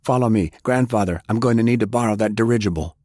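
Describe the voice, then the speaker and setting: A man's voice: fairly low pitch, fast, a little mellow, dry recording, clean studio sound, pitched above the performer's own voice, lightly acted. A man voicing a hot-headed, impulsive young man who speaks in a raised, urgent way.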